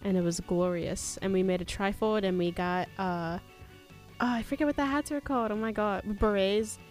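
A woman's voice: medium pitch, moderate pace, faint music behind. A young woman co-hosting casual chat, laid-back and full of fillers as she tells a story. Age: young adult. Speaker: co-host.

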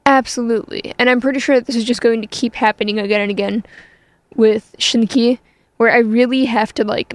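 A woman radio host talks casually between songs, rambling and poking fun at herself. Her voice sits a little high, and she takes her time with the words. The sound is close and dry. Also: creaky, no room sound. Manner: chatty, self-deprecating, with frequent fillers. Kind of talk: casual on-air chat introducing songs.

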